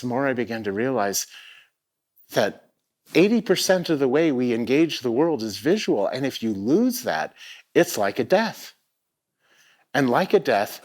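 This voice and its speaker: A middle-aged man giving a personal storytelling talk on a theatre stage, reflective and given to hesitant restarts. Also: medium pitch. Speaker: keynote speaker. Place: theatre stage before a live audience.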